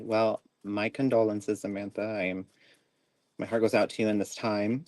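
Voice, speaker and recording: A man hosting a casual live psychic stream, animated and laughing as he tells stories and reads tarot cards. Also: fairly low pitch, normal speed, no echo. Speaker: psychic reader host.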